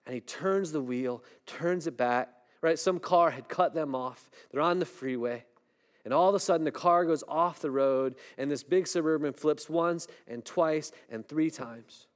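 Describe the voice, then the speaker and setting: Conversational man preaching a sermon. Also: normal speed. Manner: conversational, asks the room "right?" often; dramatic storytelling, voice drops low and soft at tense moments. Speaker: pastor.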